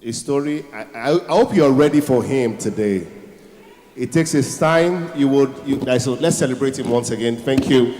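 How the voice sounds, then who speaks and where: A man's voice: medium pitch, moderate pace, a little mellow, slight background noise. Man emceeing in an echoey hall. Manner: rallying audience applause. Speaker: event MC. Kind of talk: live event hosting. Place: large conference hall. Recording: echoey hall, faint crowd ambience.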